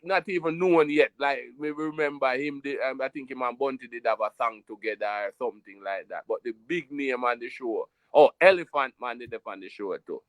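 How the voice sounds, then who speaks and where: A man with a Jamaican accent tells a story in patois, animated and emphatic. His voice sits at an ordinary pitch for a man, and the recording is close and dry, with no room sound. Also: a little fast, hardly any pauses, no echo. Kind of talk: casual storytelling chat.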